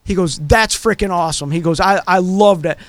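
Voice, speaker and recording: A man's voice: high-pitched, a little fast, dry recording. Rambling man co-hosting a radio show. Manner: rambling storyteller, many fillers. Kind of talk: casual chat.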